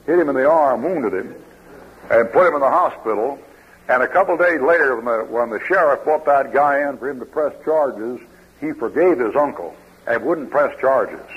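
A man's voice: medium pitch, slightly rough. A man preaching a sermon, telling folksy stories and reading scripture aloud. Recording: dull lo-fi old radio broadcast.

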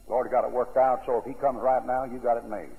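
A man's voice: medium pitch, steady tone, quick pace. Preacher man, folksy and emphatic, tinny old radio sound, echoey hall. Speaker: pastor. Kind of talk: sermon.

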